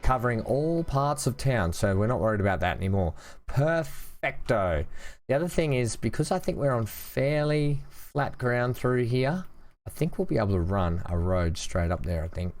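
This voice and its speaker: A man's voice: medium pitch, lively intonation, normal speed, a little mellow. A young man casually commenting on his own gameplay, thinking aloud and chatting to the game as he builds. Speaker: gaming channel host. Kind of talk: casual let's-play commentary.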